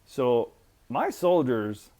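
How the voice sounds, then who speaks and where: A man in his fifties, a military veteran, telling stories in a profane, animated way and acting out quotes. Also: medium pitch, extremely slow. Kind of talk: casual storytelling.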